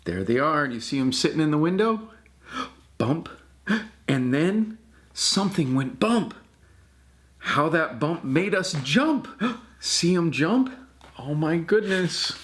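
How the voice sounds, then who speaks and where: An older man, a grandfather, reading a picture book aloud to a child in a gentle, affectionate way, exclaiming and pointing out the pictures. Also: on the high side.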